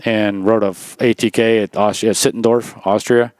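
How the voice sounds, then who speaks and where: A man's voice: lowish voice, level tone, normal speed, a little mellow, smooth, no room sound. A man in his sixties, a former racer telling stories in a casual interview, rambling with lots of "you know" and restarts.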